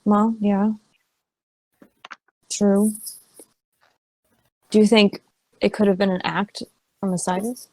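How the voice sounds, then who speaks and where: A woman's voice: medium pitch, little pitch movement, slow, long pauses, mellow, no echo, rough recording. A woman player talking in character in a tabletop game, asking questions and often restarting her sentences. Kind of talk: in-character roleplay chat.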